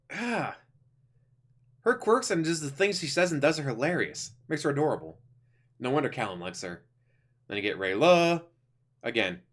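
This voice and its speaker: A man giving a casual, rambling review of an animated series, enthusiastic, with lots of fillers and restarts. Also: fairly high pitch. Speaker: YouTuber reviewing an animated show.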